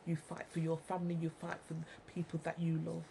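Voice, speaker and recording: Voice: medium pitch, completely flat delivery, a little fast, vocal fry, warm tone, slight background noise, low-quality recording. A speaker in an angry monologue to viewers, ranting, repeating and swearing heavily. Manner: ranting, heavily profane, repetitive. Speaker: vlogger.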